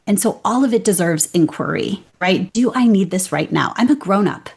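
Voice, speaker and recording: A middle-aged woman speaking as an interview guest, lively and expressive, slipping into little acted voices as she tells her story. Her pitch sits in an ordinary middle range. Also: moderate pace, creaky, husky. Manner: animated, acts out inner voices. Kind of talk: conversational interview.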